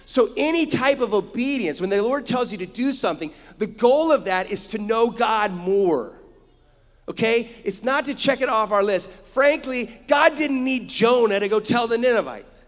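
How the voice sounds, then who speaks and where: A man's voice: very high voice, lively intonation, moderate pace, long reverb tail. A man preaching a sermon, emphatic, with frequent rhetorical asides to his listeners. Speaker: pastor.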